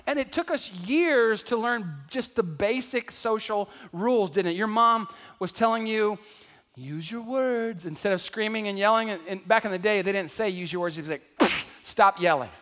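A man preaching a sermon to a congregation, animated and calling out to the crowd, acting out everyday voices for laughs. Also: high-pitched, normal speed, few pauses, big-room sound. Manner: acts out household voices for laughs. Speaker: pastor. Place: large church hall.

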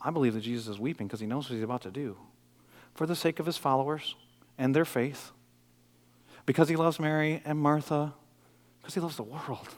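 A middle-aged man from the Detroit area, a pastor preaching a sermon, moving between loud, intense passages and quiet, intimate ones. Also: a little high, brisk, long pauses, long reverb tail. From Detroit area, USA.

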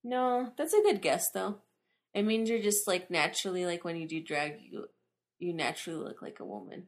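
A woman's voice: lowish voice, moderate pace. A young woman co-hosting a podcast, chatting casually in a giggly, playful way. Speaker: podcast co-host. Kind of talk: casual chat.

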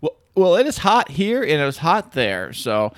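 A man's voice: on the high side, huge pitch swings, normal speed, no echo, clean studio sound. A young man co-hosting a casual family podcast, teasing the kids and telling them to hold the handheld mic. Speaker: guest co-host. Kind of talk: casual chat. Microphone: handheld microphone.

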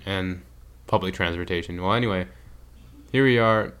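Deep-voiced man telling a travel story. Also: moderate pace, clear, resonant tone. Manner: rambling, animated retelling with acted quotes. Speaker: podcast co-host. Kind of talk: casual storytelling chat.

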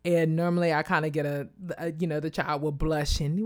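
A woman from Kansas telling a personal story in a casual, animated way, acting out other people's voices. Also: fast, hardly any pauses, dry recording, studio quality. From Wichita, Kansas, USA. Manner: animated, acts out quoted voices in a high pitch; addresses listeners directly and casually.

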